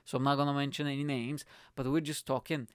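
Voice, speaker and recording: A young man, a comedian hosting his own podcast, telling a story in a rambling, swearing way and acting out his friends' lines in higher voices. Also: flat delivery, quick pace, clean tone, dry recording, clean studio sound. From not from the UK, moved there at 21. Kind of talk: casual storytelling monologue.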